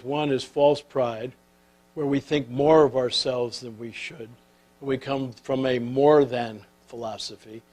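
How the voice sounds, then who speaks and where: Guy telling stories to a crowd, mid pitch, gets soft and close, lots of uh's. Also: poor audio. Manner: animated storyteller who turns soft and intimate; filler-heavy, with repeated "uh". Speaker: speaker. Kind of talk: storytelling talk.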